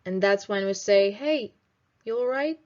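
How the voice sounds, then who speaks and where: A young woman teaching English in a video lesson, slowly modelling phrases for students to repeat. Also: medium pitch, darkish tone, muffled recording. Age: 20s. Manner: slow, clear teaching delivery with drilled example phrases.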